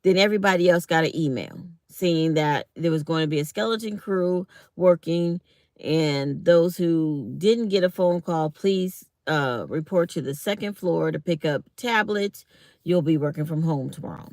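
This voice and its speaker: A woman's voice: low voice, moderate pace, darkish tone, dry recording, studio quality. A middle-aged woman, talking casually to viewers and acting out both sides of an office conversation. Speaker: vlogger.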